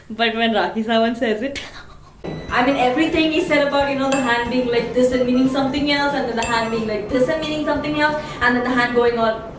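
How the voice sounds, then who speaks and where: High, playful young Indian woman vlogging. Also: normal speed, reverberant, distant mic, music in the background. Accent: Indian English. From Thane, India. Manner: playful, self-mocking, laughs often. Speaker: comedic vlogger. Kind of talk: goofy comedic vlog talk.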